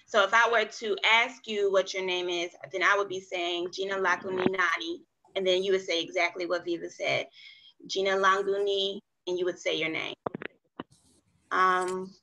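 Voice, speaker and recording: A woman's voice: lowish voice, level tone, normal speed, lo-fi sound, background noise. A woman leading an online group language lesson over a video call, encouraging the group and spelling words out letter by letter. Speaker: study group facilitator.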